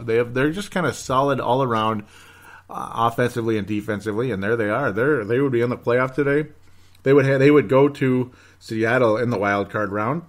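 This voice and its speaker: A man hosting a sports podcast, rambling through results with sarcasm and mock despair. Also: medium pitch. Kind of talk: casual sports commentary.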